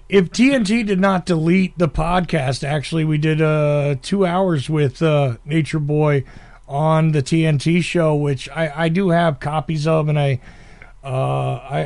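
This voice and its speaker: Gravelly man hosting a call-in podcast. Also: fairly high pitch, animated, normal speed, a little mellow. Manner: chatty, laughs often, many fillers. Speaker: podcast host. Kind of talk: casual call-in podcast chat.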